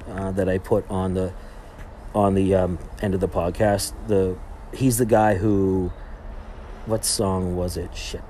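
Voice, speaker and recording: A man's voice: fairly low pitch, darkish tone, slight background noise. A young man hosting a podcast, telling a trip story in a rambling casual way, full of fillers and restarts. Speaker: podcast host. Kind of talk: casual monologue, retelling a trip.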